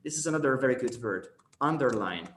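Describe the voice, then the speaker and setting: A man's voice: medium pitch, animated, fast talker, a bit bright, roomy sound. A man with an Argentine Spanish accent leading an English workshop on debate phrases, hesitant with many fillers and often checking with the group. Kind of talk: teaching debate phrases in an online class.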